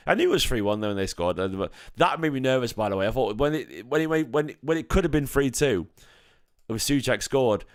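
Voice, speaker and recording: A man hosting a live-stream fan chat, slightly hoarse from singing, excitable and emotional, repeating his phrases. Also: medium pitch, a little fast, dry recording, studio quality. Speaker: fan channel host.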